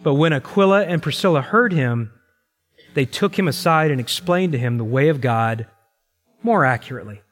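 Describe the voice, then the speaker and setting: Middle aged pastor guy preaching, leans on key lines, kinda higher voice, big echoey sanctuary. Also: lively intonation, fairly bright tone, soft background music. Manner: emphatic, repeats key phrases slowly. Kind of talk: sermon. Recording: long reverb in a large hall.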